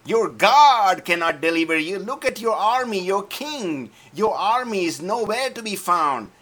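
A man's voice: animated, unhurried. A man voicing an arrogant, mocking giant who bellows his taunts in a raised voice. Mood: boastful. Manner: bellowing taunts, loud and pitched up.

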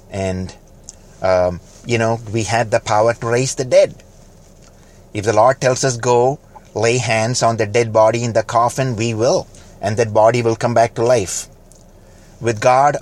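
A man preaching a fervent sermon, building to loud exhortation and dropping to quiet, slowed lines. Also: medium pitch. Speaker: pastor.

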